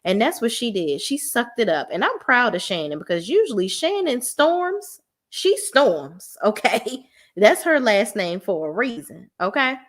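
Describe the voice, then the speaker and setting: A woman's voice: fairly high pitch, measured pace. Blunt, profane woman reviewing reality TV. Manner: blunt, profane, animated, acts out quoted lines. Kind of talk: casual commentary vlog.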